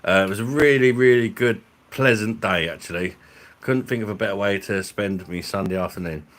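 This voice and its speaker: Middle-aged bloke, low-pitched, sweary banter for a live stream. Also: male voice, a little fast, fairly bright tone. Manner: blunt, sweary, jokey banter with chat. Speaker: live streamer and beer reviewer. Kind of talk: casual live-stream chat.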